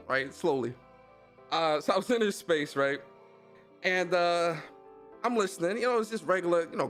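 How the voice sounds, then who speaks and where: A man hosting a gaming show, telling a story in a casual, animated rant full of swearing and mocking impressions. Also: a little high. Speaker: gaming podcast host.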